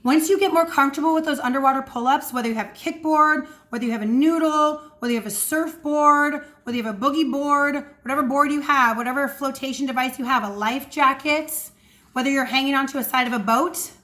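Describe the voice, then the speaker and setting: Female swim coach, high bright register, energetic casual teaching from home. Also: brisk. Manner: energetic, demonstrates breathing sounds. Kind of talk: casual instructional talk to camera. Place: at home indoors.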